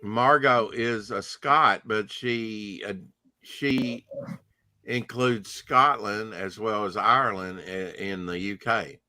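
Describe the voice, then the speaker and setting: Bright-voiced man hosting a chat. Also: lowish voice, takes it slowly, no room sound. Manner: teasing, steers the talk with questions. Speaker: podcast host. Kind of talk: casual chat.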